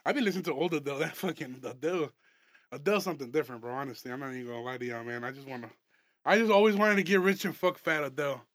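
Young man, comedy podcast host, loose and profane, bright tone, dry close recording. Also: fairly high pitch, rapid-fire, no room sound. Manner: loose, profane, laughing often, rambling. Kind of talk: casual comedy podcast chat.

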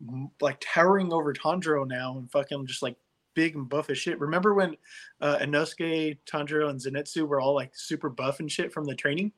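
A man hosting a podcast in casual chat, animated and profane, acting out his reactions. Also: on the high side, a little fast. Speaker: podcast host.

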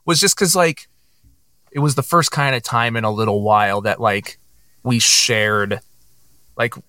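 A man's voice: mid-range voice, a little slow, sharp tone, no echo. A man co-hosting a podcast, chatting in a friendly, rambling way with many fillers. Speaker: podcast co-host. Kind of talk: casual chat.

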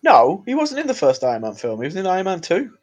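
Male co-host, slightly high voice, sweary banter and stubborn arguing. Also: huge pitch swings, fast, a little mellow. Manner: sweary, jokey, argumentative. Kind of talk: casual chat.

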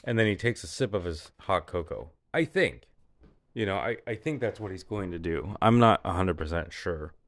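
A man's voice: deep voice, animated, moderate pace, no room sound. A man talking casually about short films he is writing, rambling and laughing often. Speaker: filmmaker describing his short films. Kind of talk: casual vlog.

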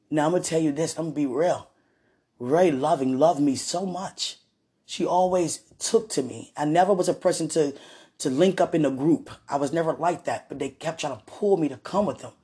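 A woman on her podcast, telling a personal story straight to her partner in a lively way, acting out what people said and often speaking of God. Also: low voice, breathy edge. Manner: animated retelling that acts out quoted voices; religious, speaks of God and the Holy Spirit. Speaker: podcast host. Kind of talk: casual storytelling addressed to a partner.

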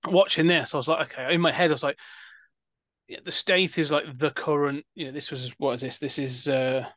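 Chatty man, higher voice, dry sound. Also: steady tone, fairly quick, a bit bright, no echo. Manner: chatty, rambling with many fillers and restarts. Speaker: podcast host. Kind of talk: casual film-review chat.

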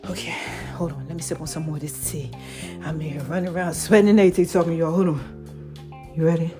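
A woman's voice: sits low, steady tone, fast talker, music in the background. A woman giving a playful, casual motivational talk to her viewers, laughing and acting out little voices. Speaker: vlogger.

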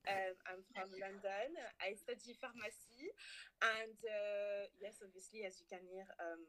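A woman's voice: medium pitch, unhurried, a bit bright, natural voice. A young woman putting on a hammed-up French accent to introduce herself playfully on a student radio show. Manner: exaggerated, playful self-introduction.

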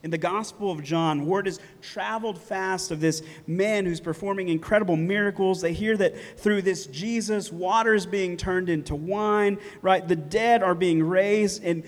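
A man preaching a sermon in a relaxed, conversational way, often tagging points with "right?" and laughing lightly. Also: high-pitched, measured pace, few pauses. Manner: casual, conversational preaching with many "right?" asides. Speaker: pastor. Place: church hall. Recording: long reverb of a church hall.

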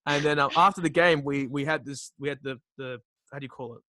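A young man chatting casually, full of "um"s and restarts, often trailing off quietly. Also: mid-range voice, steady tone, dry recording. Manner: halting, filler-heavy, trails off quietly. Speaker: podcast guest. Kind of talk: casual chat.

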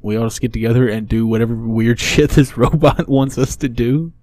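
A man's voice: mid-range voice, fairly quick, a little mellow, dry recording. A young man co-hosting a casual podcast, riffing with crude, jokey banter. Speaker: podcast co-host.

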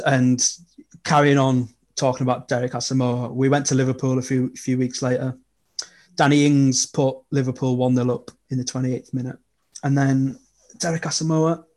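A young man, chatting casually and telling animated football stories as a podcast guest. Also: medium pitch, normal speed. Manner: animated storytelling with laughs. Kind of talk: casual chat.

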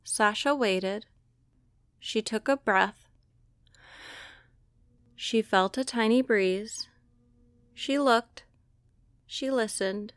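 A woman librarian reading a children's picture book aloud with slow, expressive delivery. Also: fairly high pitch, no echo. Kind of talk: storybook read-aloud.

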